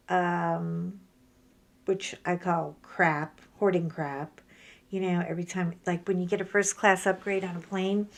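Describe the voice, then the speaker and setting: A middle-aged woman, chatting casually about her day while she works on crafts, telling lively stories and acting out what people said. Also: lowish voice. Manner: chatty storyteller, animated, acts out quoted voices. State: sore from a workout. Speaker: crafting vlogger.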